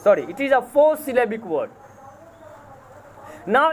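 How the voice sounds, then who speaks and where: Indian English college lecturer, high voice, very slow and deliberate, spells out and repeats words, self-correcting. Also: male voice, very animated, a little hiss or hum. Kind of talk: recorded lecture.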